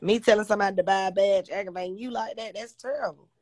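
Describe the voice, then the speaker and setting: A woman's voice: mid-range voice, fairly even intonation, fast talker, darkish tone, dry recording. A woman hosting a casual livestream on her phone, blunt, profane and confrontational as she talks to viewers. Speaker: livestream host.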